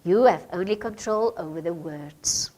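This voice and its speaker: A woman's voice: on the low side, moderate pace, warm tone. A woman with a Namibian English accent leading a radio training workshop, asking the group questions, with hesitant fillers.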